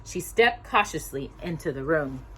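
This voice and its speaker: Woman storyteller, children's read-aloud, animated delivery. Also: low voice, normal speed, slightly rough. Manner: expressive, acting out each character's lines.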